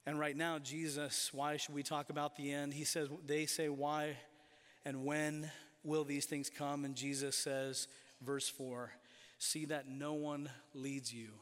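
High-voiced preacher in a reverberant hall. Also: male voice, fairly bright tone. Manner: emphatic preaching with slowed, stressed phrases. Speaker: pastor. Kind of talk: sermon. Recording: long reverb of a large hall.

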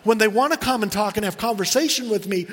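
A middle-aged man preaching a sermon, telling personal stories earnestly and slowing down for emphasis. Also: high voice, long reverb tail. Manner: earnest storytelling, slows for emphasis. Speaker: pastor.

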